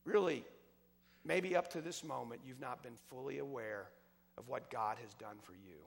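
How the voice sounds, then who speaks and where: A male preacher giving a sermon, telling a story with passion, swinging from loud outbursts to hushed words. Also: medium pitch, moderate pace, gravelly. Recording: long hall reverb.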